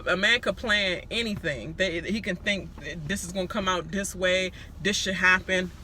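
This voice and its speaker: Brief: outspoken woman recapping TV, cutting bright tone, frank and profane. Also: fairly low pitch, normal speed, a little hiss or hum. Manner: blunt, profane, animated ranting. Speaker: reality-show recap vlogger. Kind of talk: casual recap commentary.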